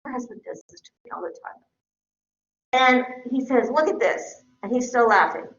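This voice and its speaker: Her voice a little high and her pace normal, a middle-aged female teacher gives a conversational lecture and frequently checks in with the class. The room echoes and the sound is dull and lo-fi.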